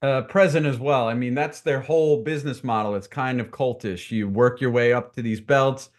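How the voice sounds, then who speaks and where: A man co-hosting a casual podcast chat with relaxed, dry humor. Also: mid-range voice, normal speed. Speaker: podcast co-host.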